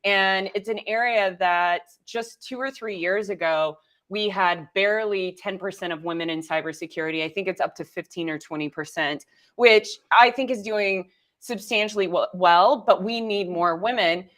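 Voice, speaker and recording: A woman's voice: medium pitch, moderate pace, fairly bright tone. An American woman hosting a casual live-stream interview, chatty and enthusiastic, with lots of "like". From United States. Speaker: host.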